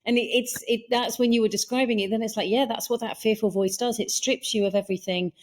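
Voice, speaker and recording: A woman hosting a casual conversation, animated and playful with her analogies. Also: on the high side, quick pace. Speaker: podcast host.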